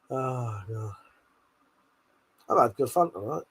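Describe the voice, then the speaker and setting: A man's voice: mid-range voice, lively intonation, slow pace, long pauses, sharp tone, slightly rough. A man on a live stream, reading chat comments aloud in a brash, sweary, jokey way with frequent laughter.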